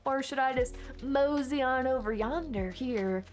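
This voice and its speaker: A woman's voice: high voice, a little slow. Woman putting on a flirty Southern belle. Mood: coy. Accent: put-on Southern US drawl. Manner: coy and drawling, with playful sass.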